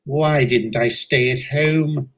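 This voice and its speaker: A man's voice: medium pitch, slow, a bit bright, voice pushed down. A man voicing a reluctant male train engine with a put-on English accent, speaking hesitantly and wearily. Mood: weary.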